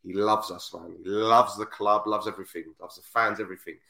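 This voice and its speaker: A man's voice: fairly low pitch, brisk, gravelly, echoey room. A man hosting a football podcast, telling stories in casual chat and acting out the people in them. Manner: animated storyteller, acts out voices, repeats himself. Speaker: podcast host.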